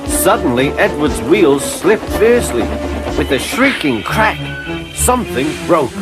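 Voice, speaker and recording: A man slowly reading a children's train story as storybook narration. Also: a little high. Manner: slow, animated reading. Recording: loud music behind.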